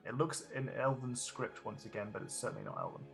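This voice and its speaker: A man narrating as the game master of a tabletop game in a relaxed, dry way. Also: mid-range voice, fast, vocal fry, soft background music.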